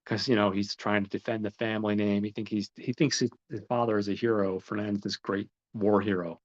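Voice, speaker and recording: A man casually recaps a story, rambling from scene to scene and quoting each character with "he's like." His voice sits low. The recording is muffled and lo-fi. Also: level tone, brisk. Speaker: podcast host. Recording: dull lo-fi recording.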